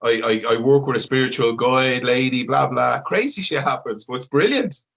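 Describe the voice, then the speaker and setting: A man's voice: mid-range voice, moderate pace, vocal fry, fairly bright tone. A man hosting a podcast, chatting casually, enthusiastic and sweary. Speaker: podcast host. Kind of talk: casual chat.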